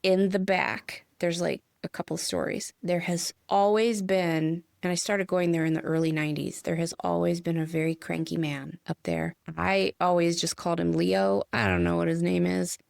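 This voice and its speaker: Midwestern woman, middle-aged, podcast co-host; chatty, laughs easily, low-ish voice with fry, dry recording. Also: no echo. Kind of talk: casual spiritual chat.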